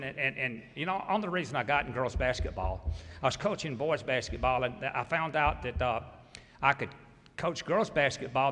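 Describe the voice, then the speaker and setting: Southern-accented man, 60s, folksy and thankful coach at the podium, bright and forceful, echoey hall. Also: medium pitch. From Mississippi. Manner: folksy, grateful, humorous. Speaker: basketball coach. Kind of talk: hall of fame acceptance speech. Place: large hall.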